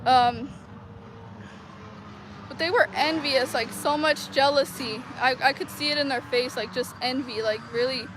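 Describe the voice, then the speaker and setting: A woman's voice: sits high, a little slow. A woman vlogger telling a personal story to her viewers in a rambling, casual way, full of "like" fillers. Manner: rambling, heavy use of "like" fillers. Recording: noisy outdoor street recording.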